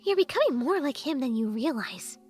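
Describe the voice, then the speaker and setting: Woman voicing a blunt sarcastic fairy, squeaky high voice, lively swoops, audiobook character. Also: a little fast, soft background music. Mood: bitter. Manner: snarky, blunt. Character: sharp-tongued sarcastic female fairy.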